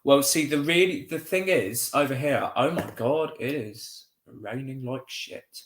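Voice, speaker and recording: A man's voice: medium pitch, measured pace. A man chatting animatedly on a live call, often exclaiming. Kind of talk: casual chat on a live call. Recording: echoey room.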